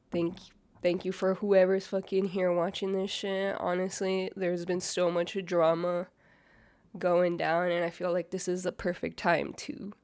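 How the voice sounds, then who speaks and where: A young woman hosts a reaction video, her lowish voice a little mellow and slightly nasal from a cold, with no echo in the recording. She chats casually and judgmentally, using lots of fillers in this casual commentary.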